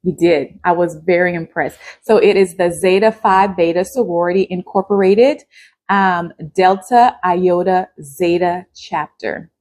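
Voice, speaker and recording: A woman's voice: on the low side, a little slow, a little mellow. A woman YouTuber talking casually and directly to her viewers in a chatty vlog. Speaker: YouTube vlogger. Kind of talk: casual vlog talk to camera.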